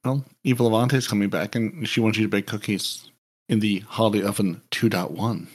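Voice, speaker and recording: A man's voice: lowish voice, fairly even intonation, fairly quick, husky. A man co-hosting a casual gaming podcast, wry and teasing. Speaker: podcast co-host.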